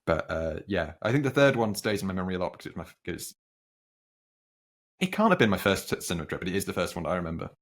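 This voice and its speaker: Low-voiced young man hosting a chat. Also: sing-song, fast. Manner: rambling, self-correcting storyteller. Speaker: film podcast host. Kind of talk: casual chat.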